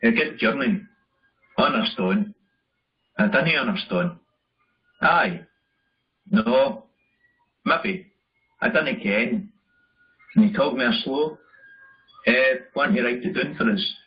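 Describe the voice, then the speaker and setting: A man reading a list of phrases slowly and deliberately. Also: mid-range voice, sing-song, vocal fry. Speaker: narrator of a language video. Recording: muffled video playback.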